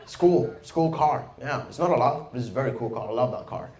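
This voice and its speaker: A young man with a Venezuelan Spanish accent doing a stand-up set in a deadpan, mumbling, self-deprecating way. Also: medium pitch, fast. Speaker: stand-up comedian. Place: comedy club stage with audience. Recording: roomy club sound with faint noise.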